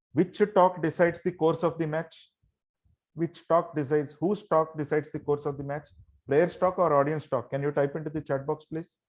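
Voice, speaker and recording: A man's voice: a little high, steady tone, normal speed. Emphatic male trainer. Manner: emphatic, rhetorical questions, repeats "my dear friends". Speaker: motivational trainer. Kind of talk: online motivational session.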